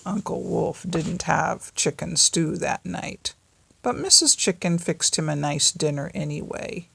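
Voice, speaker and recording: Slow, husky grandmother reading a bedtime story. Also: deep voice, fairly bright tone.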